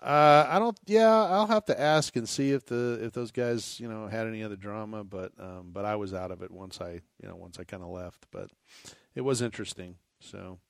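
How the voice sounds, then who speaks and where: Rambling man, mid pitch, dry mic. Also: normal speed, gravelly, no room sound. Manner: rambling, restarts a lot. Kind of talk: casual chat.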